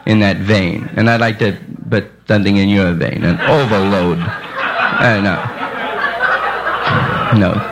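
Man, stand-up comic, rambling crowd banter, animated voice, hissy old live tape. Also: mid-range voice. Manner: rambling, improvised banter with the audience. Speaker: stand-up comedian. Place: nightclub stage before an audience.

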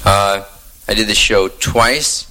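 A man doing a stand-up monologue, talking in hip slang and riffing with sudden jumps in pitch. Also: steady tone, slow pace, bright, forceful tone, rough recording. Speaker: stand-up comedian.

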